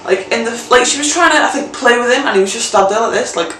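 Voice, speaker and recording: A woman's voice: a little high, quick pace, a little hiss or hum. Chatty woman, roomy and distant. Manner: animated, chatty, swearing. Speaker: vlogger. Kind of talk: casual storytime vlog. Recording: roomy, mic set back.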